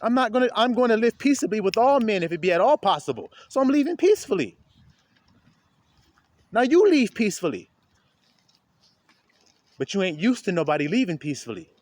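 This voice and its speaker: A man preaching informally to his viewers outdoors in melting snow, talking straight to them and building to a loud preaching pitch. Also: sing-song, fairly quick, long pauses, dry recording. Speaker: street preacher. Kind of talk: informal outdoor video sermon.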